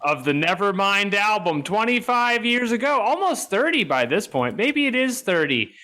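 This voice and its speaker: Casual: animated podcast guy, swings his pitch all over, swears, mock outrage. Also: normal speed. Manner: mock-outraged, profane riffing. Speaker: podcast co-host. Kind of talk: casual comedic chat.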